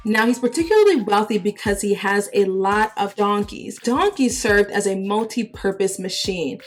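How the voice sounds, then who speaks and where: A young adult woman hosting, retelling Bible stories in a lively, slangy, conversational way. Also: mid-range voice. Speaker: host. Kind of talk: casual Bible storytelling.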